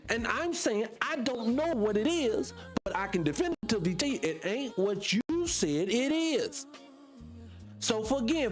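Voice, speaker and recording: A man hosting a casual commentary monologue, talking emphatically and firing rhetorical questions straight at his viewers. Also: extremely high pitch. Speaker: channel host.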